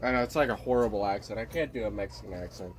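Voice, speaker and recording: A man's voice: fairly low pitch, rapid-fire, slight background noise. A man from the desert Southwest of the US who vlogs in a blunt, profane, meandering monologue. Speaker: vlogger. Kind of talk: casual monologue rant.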